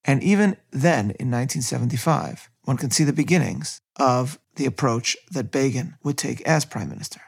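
Gravelly man reading a history lecture. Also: medium pitch, expressive. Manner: measured, quotes sources.

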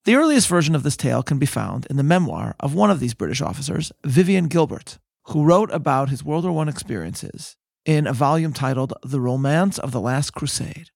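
Gravelly man narrating history. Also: mid-range voice, lively intonation, darkish tone, no echo, studio quality. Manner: measured storytelling, slows for emphasis. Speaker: podcast host.

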